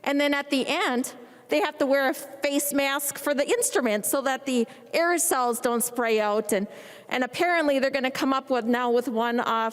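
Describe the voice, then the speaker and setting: A woman legislator with a Minnesotan accent speaking indignantly and emphatically in a floor debate in a large chamber. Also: a little high. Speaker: state legislator. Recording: long reverb of a large chamber.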